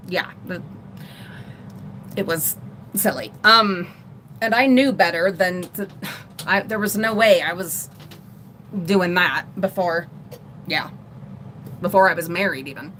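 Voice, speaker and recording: A middle-aged woman vlogger telling a personal story in a rambling, animated way on a casual livestream. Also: on the low side, slow, pauses often, a little hiss or hum. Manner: rambling, animated retelling with laughs.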